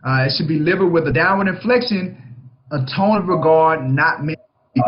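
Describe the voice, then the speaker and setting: A man's voice: fairly high pitch, brisk, dull audio. Emphatic man coaching, lots of "right?". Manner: emphatic, keeps checking in with "right?". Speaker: real estate broker hosting a coaching session. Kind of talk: coaching talk on a book chapter.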